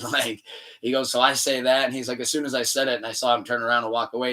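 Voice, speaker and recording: A man co-hosting a casual podcast, telling a story with lively acted-out dialogue. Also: medium pitch, fast talker, far from the mic. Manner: animated storytelling, acts out quoted dialogue. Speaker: podcast co-host. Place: room shared with co-host.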